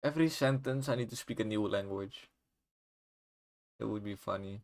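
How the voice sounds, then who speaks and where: A man's voice: fairly low pitch, moderate pace, gravelly. A man from the Netherlands with a Dutch accent, chatting casually while streaming his game development and rambling in a joking, self-mocking way. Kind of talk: casual livestream chat.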